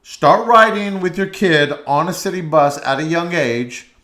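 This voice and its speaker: A man's voice: on the high side, a little slow, pushed and bright. A man hosting a podcast, giving blunt, profane mock parenting advice in a comedic rant with hesitant fillers. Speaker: podcast host. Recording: roomy echo.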